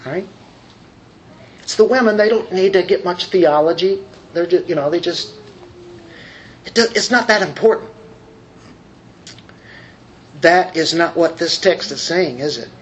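Conversational male preacher with drawn-out emphasis. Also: high voice, a little hiss or hum, rough recording. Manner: frequent fillers and restarts. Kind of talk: sermon.

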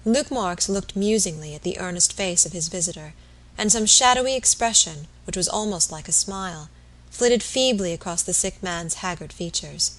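A woman narrating a classic novel in a measured, even manner. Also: lowish voice. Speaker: audiobook narrator. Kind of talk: novel read aloud.

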